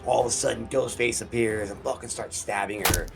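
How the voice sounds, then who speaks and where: A man hosting a casual movie review from his basement studio, talking in a loose, excitable, profane way. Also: on the low side, brisk, creaky, over music.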